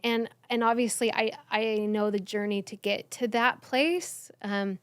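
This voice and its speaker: A middle-aged woman talking in a relaxed panel chat about healing work. She gets animated and her pitch jumps up when something excites her. Her voice sits close and dry, with no room sound. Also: a little slow, clean tone, no room sound. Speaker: trauma healing coach, guest. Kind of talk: casual panel conversation.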